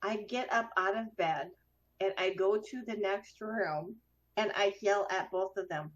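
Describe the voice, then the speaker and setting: A woman's voice: on the high side, moderate pace. A woman hosting a casual chat show, telling a story and acting out the voices in it. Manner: animated storyteller, acts out quoted voices. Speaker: host. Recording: dull lo-fi sound.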